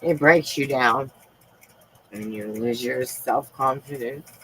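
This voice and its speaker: A woman live streaming from home, talking in a soft, halting, confiding way with frequent pauses. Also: rumbling low, a little hiss or hum, rough recording. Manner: emotional and confiding. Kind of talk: casual live-stream chat.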